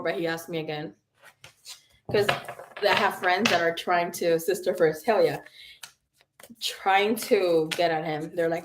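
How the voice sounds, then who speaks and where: A woman in her early thirties, a psychic tarot reader hosting a casual livestream, telling stories in an animated, profane way and laughing often. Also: mid-range voice, slight background noise. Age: early 30s.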